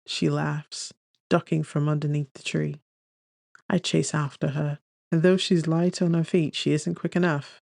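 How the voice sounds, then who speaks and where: A man narrating a first-person romance audiobook in a gentle, unhurried storytelling manner on a close studio mic. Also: a little high, fairly even intonation, gravelly, dry recording.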